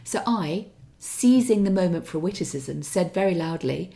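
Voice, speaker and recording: A woman's voice: on the low side, animated, normal speed, gravelly, warm tone. A middle-aged woman co-hosting a casual chat podcast, teasing her friend with dry wit. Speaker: podcast co-host.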